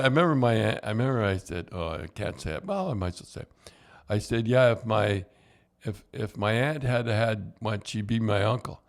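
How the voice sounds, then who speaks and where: An older man, a podcast host and former coach, telling hockey stories in a rambling, halting way with chuckles. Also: on the low side, lively intonation. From Canada. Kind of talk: casual storytelling.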